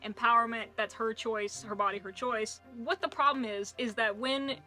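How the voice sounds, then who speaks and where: A woman's voice: on the high side, fairly even intonation, normal speed, pushed and bright, soft background music. A woman in her twenties chatting casually through a book review vlog, joking and throwing in puns as she goes. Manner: chatty and jokey, with puns and asides.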